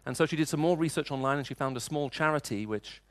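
This male preacher talks fast in a fairly high voice, weaving personal stories into a sermon with a chatty, conversational feel and frequent restarts. There's no echo, so the sound is dry.

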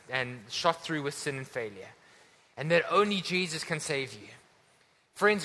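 A man's voice: a little high, sharp tone. A man preaching a sermon to a church congregation, earnest and urging his listeners. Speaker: pastor. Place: church hall. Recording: long hall reverb.

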